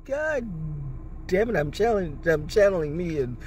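A man's voice: fairly high pitch, lively intonation, fast, darkish tone, a little hiss or hum. Rambling, blunt man talking in a car. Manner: rambling, blunt, swears freely, laughs. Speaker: spiritual vlogger. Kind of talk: rambling casual monologue. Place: inside a car.

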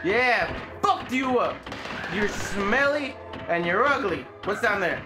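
A playful gamer talks through a run at a slow, drawn-out pace, yelling at enemies and cursing freely. Game music plays clearly underneath the voice. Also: mid-range voice. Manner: excitable, playful, swears freely. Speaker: let's play gamer. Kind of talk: casual gameplay commentary.

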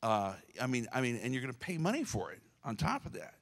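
Male pastor, gravelly mid-pitched voice, folksy and joking sermon delivery, talks in loose restarts. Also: big pitch swings, quick pace. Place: church sanctuary.

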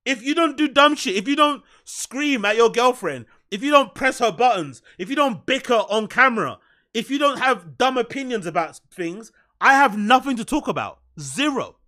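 A man's voice: very high-pitched, expressive, moderate pace, sharp tone. A man with a London accent giving blunt, sarcastic reaction commentary. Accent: London English. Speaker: commentary streamer.

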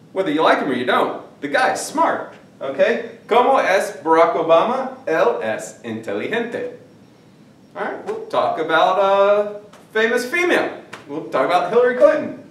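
Male teacher, animated, joking, heard from a distance in a roomy classroom. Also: high voice. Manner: lively, jokey, stretches out Spanish words slowly. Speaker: Spanish teacher. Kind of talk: classroom vocabulary lesson. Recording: echoey room, mic at a distance.

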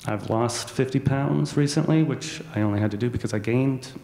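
Gravelly low-voiced man in echoey hall. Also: moderate pace, dark tone. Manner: earnest, self-deprecating. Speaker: assembly speaker. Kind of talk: personal testimony talk. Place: large hall.

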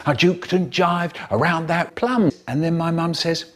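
A man telling a comic children's story in an expressive, performing way, cut up and remixed. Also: on the high side, measured pace.

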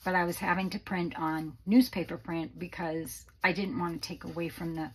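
A woman's voice: on the low side, steady tone, normal speed, breathy edge, rough recording. A woman hosting a casual craft tutorial from her home craft room, chatty and rambling with many fillers, a little out of breath. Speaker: craft channel host.

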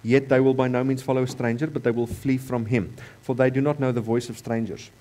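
A man with a South African accent preaching a sermon in a church, repeating key phrases and swinging between loud emphasis and quieter stretches. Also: medium pitch, little pitch movement, fairly quick. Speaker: pastor.

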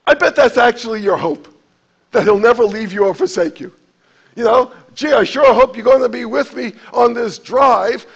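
A pastor preaching a sermon to his congregation, animated, acting out quotes with sudden jumps in pitch and loudness. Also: vocal fry, highs cut off.

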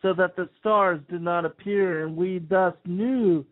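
A man reading an old scripture text aloud in a slow, measured, solemn way. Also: sits high, steady tone. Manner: slow, measured, archaic phrasing. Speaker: scripture reader. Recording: tinny phone-like sound.

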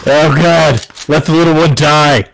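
A man joking crudely and deadpan with friends during an online game. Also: fairly high pitch, measured pace, creaky, slight background noise, rough recording. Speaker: gaming friend. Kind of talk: casual gaming chat.

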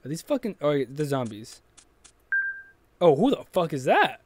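A man's voice: a little high, sing-song, normal speed, background noise. Foul-mouthed man commenting on a game. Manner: profane, joking, loud startled outbursts. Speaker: gaming channel host. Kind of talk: let's play commentary. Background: game music.

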